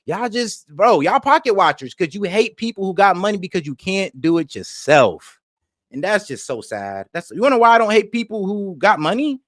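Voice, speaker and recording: Brash high-voiced man ranting. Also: very animated, a little fast, fairly bright tone, no room sound, clean studio sound. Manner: brash, mocking, swears and laughs often. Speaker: reaction streamer. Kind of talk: casual reaction commentary.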